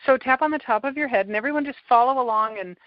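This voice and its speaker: A woman hosting a podcast, calmly guiding a client through a tapping session step by step. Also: high voice, quick pace, no room sound. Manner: calm, coaching, gives step-by-step prompts. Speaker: tapping practitioner and podcast host. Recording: dull, lo-fi sound.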